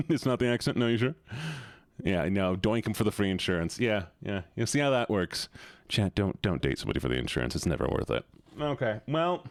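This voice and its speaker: A man's voice: fairly low pitch, lively intonation, fast, no echo, studio quality. A man streaming live, reacting to viewer submissions in casual chat, often sighing, swearing and repeating himself in exasperation.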